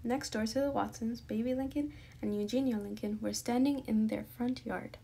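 A woman reading a children's chapter book aloud in a steady, gentle storytelling manner. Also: a little high, moderate pace, gravelly, slight background noise. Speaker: storybook reader.

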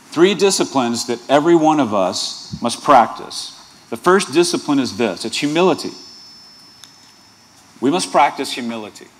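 A male pastor preaching a sermon, earnest, with playful asides and rhetorical questions to the congregation. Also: medium pitch.

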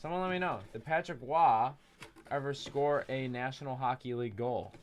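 A man's voice: medium pitch, normal speed, faint music behind. A young man hosting a live card break, chatty and self-deprecating with jokey asides.

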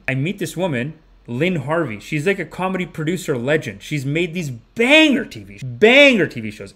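Rambling, animated man. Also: a little high. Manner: rambling, animated, full of restarts. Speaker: vlogger. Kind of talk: casual storytelling vlog.

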